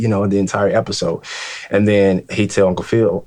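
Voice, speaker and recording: A man's voice: low-pitched, steady tone, brisk, darkish tone. A man hosting a group discussion, talking earnestly with many restarts and fillers. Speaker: host. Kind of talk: casual discussion.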